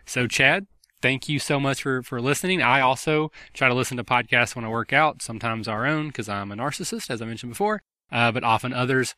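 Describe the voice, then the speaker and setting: A man's voice: mid-range voice, fairly quick, pushed and bright, dry recording. A man hosting a gaming podcast, chatting in a friendly, rambling way with lots of fillers. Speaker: podcast host. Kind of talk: casual podcast chat.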